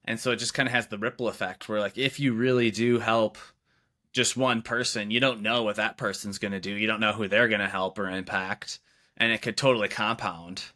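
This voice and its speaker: A man's voice: lowish voice, fairly even intonation, brisk, sharp tone. A young man casually telling a story in a podcast chat, loose and filler-heavy, with lots of "like" and "you know". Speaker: videographer, podcast co-host.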